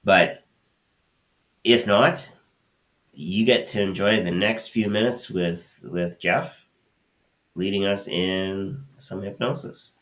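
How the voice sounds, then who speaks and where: A man hosting a live podcast over a video call, relaxed, with many fillers as he announces the next segment. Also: low-pitched, takes it slowly, long pauses. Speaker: podcast host.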